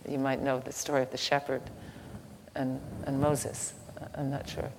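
A woman giving a slow, halting devotional teaching with a story, soft-spoken, recorded in an echoey hall with faint ambient noise. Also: rumbling low, flat delivery. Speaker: spiritual teacher.

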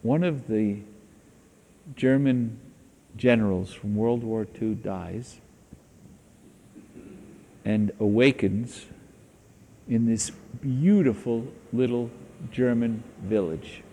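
A man giving a spiritual teaching talk, telling stories in a slow, deliberate way, in an echoey hall. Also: mid-range voice, dark tone.

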